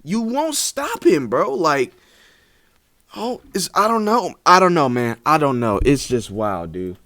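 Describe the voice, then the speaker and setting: A young man reacting to clips, rambling excitedly with lots of fillers. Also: fairly high pitch, measured pace, dry recording, clean studio sound. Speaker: reaction video host. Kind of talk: casual reaction commentary.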